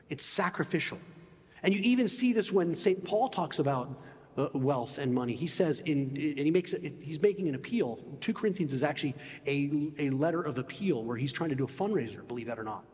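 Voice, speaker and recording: A man preaching a sermon in an emphatic way, often dropping low and soft on key phrases. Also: animated, normal speed, in a large hall.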